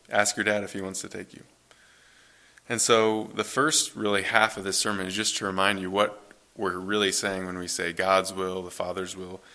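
Pastor guy in church, low flat voice but bright, chatty sermon, keeps rephrasing. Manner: conversational, relaxed, self-correcting. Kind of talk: scripture reading then casual sermon.

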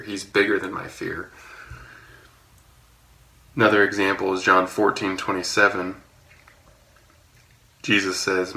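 Man, sermon, low gravelly voice, bright tone, conversational, echoey room. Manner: conversational, relaxed storytelling with fillers. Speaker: pastor.

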